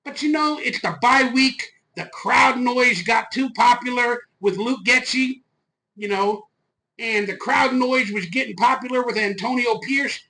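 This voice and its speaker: A man hosting a fan channel, ranting loud, fired-up and profane on a live stream into a phone. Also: very high-pitched, a little slow, poor audio.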